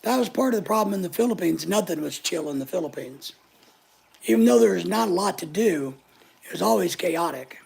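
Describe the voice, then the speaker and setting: A woman's voice: lowish voice, lively intonation, brisk, creaky, darkish tone, breathy edge. An older woman hosting a casual live chat, talking in a blunt, opinionated, chatty way. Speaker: channel host answering live chat.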